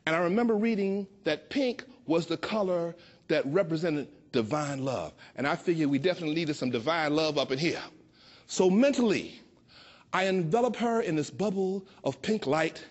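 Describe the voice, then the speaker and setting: A man in his sixties from Chicago, telling a personal story with a playful, expressive delivery that slows down for emphasis. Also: on the high side. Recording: dull lo-fi recording.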